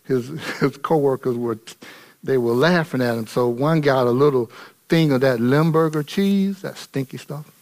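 A man pastor preaching a sermon in an animated, colloquial and humorous way. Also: mid-range voice, normal speed.

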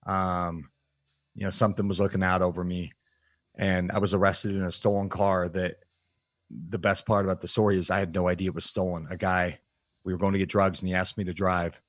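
A man with a very low voice tells his story candidly as an interview guest. He speaks in a reflective, halting way, and the sound is close and dry with no room echo. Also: little pitch movement. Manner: frank and reflective, halting with fillers. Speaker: podcast guest, nutrition coach.

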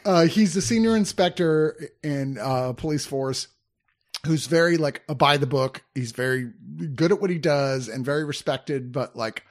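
A man's voice: a little high, normal speed. A man co-hosting a casual movie podcast, talking loosely with lots of fillers and teasing his co-host. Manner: laid-back, teasing, many fillers. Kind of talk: casual film review chat.

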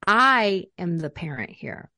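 A middle-aged woman, a parenting coach, talking casually and acting out quotes in animated voices. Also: lowish voice, takes it slowly, no room sound, clean studio sound. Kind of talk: casual conversational talk.

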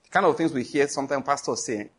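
A middle-aged man with a Nigerian accent preaching a sermon, emphatic and animated, full of rhetorical questions. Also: mid-range voice, quick pace, husky.

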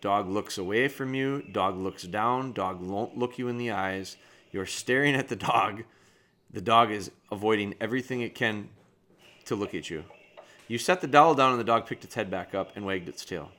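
A low-pitched man hosts a dog training podcast. He walks through a trainee's video step by step. He speaks straight to the trainee with direct, frank critique. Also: moderate pace, pushed and bright. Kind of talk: podcast commentary reviewing a video.

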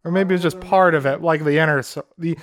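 A man's voice: on the high side, steady tone, fast, a crowd in the background. A man co-hosting a podcast, thinking aloud and hedging with fillers in a casual film discussion, with the odd joke. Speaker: podcast co-host.

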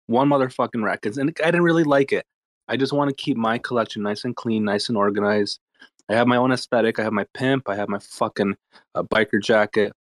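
A man's voice: mid-range voice, fairly even intonation, fairly quick, dry recording, clean studio sound. A man hosting a casual online audio chat, joking and swearing freely. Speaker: host.

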